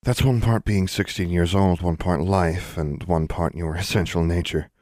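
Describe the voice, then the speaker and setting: A man voicing a composed older witch sister who gives measured, quiet advice. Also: low voice, steady tone, no echo, studio quality, lightly acted.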